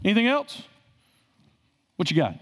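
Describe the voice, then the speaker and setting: A man's voice: sits high, huge pitch swings, moderate pace, a bit bright, slightly rough. A male pastor preaching a sermon, asking the congregation questions and repeating phrases for emphasis.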